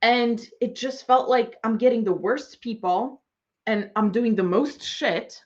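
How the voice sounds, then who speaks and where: Sarcastic swearing woman, slightly high voice. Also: a little slow, darkish tone, highs cut off. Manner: sarcastic, swears heavily, mocks others in exaggerated voices. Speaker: online business coach. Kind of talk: profane ranting monologue.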